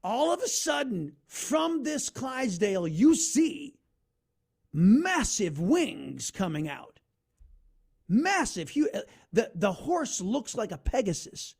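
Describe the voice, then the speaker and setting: Animated high-voiced male radio host. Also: slow pace, vocal fry, slightly rough. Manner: animated storytelling, narrates an ad over its soundtrack. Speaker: radio talk show host. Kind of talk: conservative talk radio monologue.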